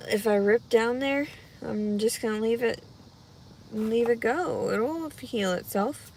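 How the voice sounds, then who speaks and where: A heavily pregnant woman chatting casually with viewers on a livestream, rambling and anxious, her voice jumping into loud high cries when she gets upset. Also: slow pace, slight background noise. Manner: rambling, talks through her worries out loud. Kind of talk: casual live chat.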